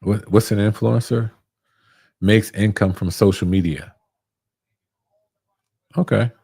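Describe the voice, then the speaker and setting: A man's voice: fairly low pitch, fairly even intonation, slow, creaky, mellow, slightly rough, dry recording, clean studio sound. A young man who reviews barber tools, chatting casually on a live stream, reading viewer comments and answering in a laid-back, slangy way that repeats itself.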